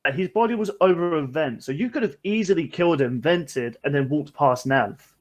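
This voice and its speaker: A man's voice: on the high side, expressive, moderate pace. A man chatting in a gaming voice call, theatrically interrogating his friends. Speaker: gamer in a group voice chat. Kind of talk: casual gaming chat.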